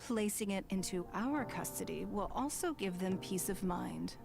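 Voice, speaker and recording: A woman's voice: medium pitch, lively intonation, moderate pace, vocal fry. A woman playing a poised, haughty aristocratic official who speaks formally with dry, cutting remarks. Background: loud game music.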